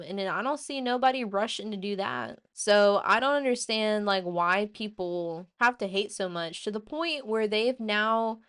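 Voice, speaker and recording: A woman hosting a casual opinion show, ranting in an animated, blunt way with plenty of swearing. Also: mid-range voice, clear, resonant tone. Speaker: host.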